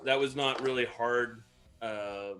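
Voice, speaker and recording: A man's voice: mid-range voice, fairly even intonation, slow, a crowd in the background. A man co-hosting a casual live stream, rambling and joking at himself as he explains a cocktail. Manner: rambling, self-mocking explanations. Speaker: co-host mixing cocktails.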